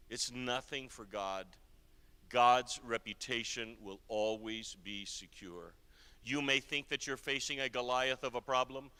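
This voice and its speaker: A man preaching a sermon as a guest speaker, telling a story and swinging between hushed and emphatic delivery. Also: medium pitch, clear, resonant tone. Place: church hall. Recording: long reverb of a large church hall.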